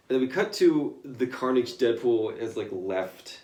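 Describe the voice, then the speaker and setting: A man's voice: mid-range voice, measured pace, few pauses, a little mellow, a little hiss or hum. Young man, rambling casual retelling. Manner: rambling, filler-heavy retelling. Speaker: storyteller explaining comics to a friend. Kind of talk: casual chat. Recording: echoey room.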